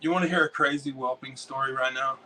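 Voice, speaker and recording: An American man, a dog breeder and interview guest, telling stories in a rambling, excitable way full of swearing. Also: mid-range voice, fast, far from the mic, low-quality recording. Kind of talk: casual storytelling.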